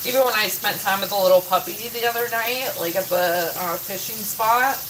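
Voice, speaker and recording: A woman's voice: medium pitch, normal speed, noisy background. A woman casually chatting with her viewers in her home kitchen, rambling, full of "like" and casual swearing. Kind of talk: casual chat. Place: home kitchen, doing chores.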